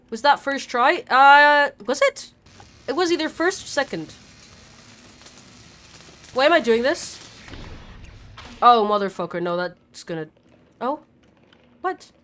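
A woman's voice: high-pitched, fairly bright tone. A woman streamer giving live gameplay commentary, nervous and chatty, swearing a lot and talking back at the characters on screen. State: nervous and scared.

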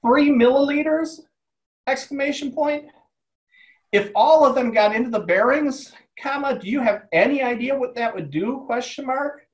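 A man's voice: sits high, animated, moderate pace, distant mic, dull audio. A man voicing an older female spaceship technician who is blunt and alarmed, speaking her punctuation aloud. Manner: dictates quotes with spoken punctuation.

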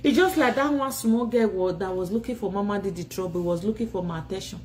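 A woman's voice: medium pitch, fast, a little mellow, slight background noise, poor audio. A Nigerian woman ranting in a phone live video from home, scolding and insulting her rivals while tired and sleepy. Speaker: vlogger.

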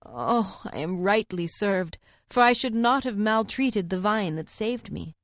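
A woman voicing a dying, regretful male deer in a storybook reading, slow and mournful. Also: mid-range voice, animated, no room sound, clean studio sound, lightly acted.

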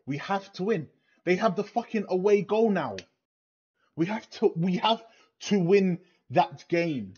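A man's voice: high-pitched, expressive, a little slow, darkish tone, slightly rough, dull audio. A young man in a furious, swear-filled rant after a football match, repeating himself in disbelief. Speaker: football fan vlogger. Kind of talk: angry post-match rant.

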